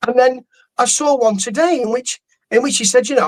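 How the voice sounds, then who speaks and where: A man's voice: very high voice, a little fast, low-quality recording. Rambling, amused male podcast co-host. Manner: rambling, amused, stumbles and restarts. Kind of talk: casual boxing podcast chat.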